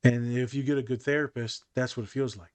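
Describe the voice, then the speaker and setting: This man talks fast in a clean, medium-pitched voice with no room sound. Hosting a laid-back podcast, the therapist recounts stories from his practice, performing each quoted line with animation.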